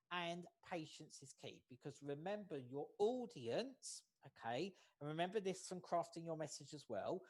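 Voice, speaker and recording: Trainer running an online class over video call, steady and careful, keeps asking "okay?". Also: mid-range voice. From United States. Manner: measured, often checks in with "okay?". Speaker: workshop facilitator.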